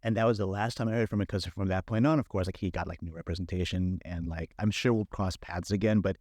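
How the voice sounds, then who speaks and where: Chatty low-voiced man telling stories. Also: quick pace, dry recording. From San Francisco Bay Area. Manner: animated, lots of filler and quoted inner thoughts. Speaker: film director, interview guest. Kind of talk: casual conversational storytelling.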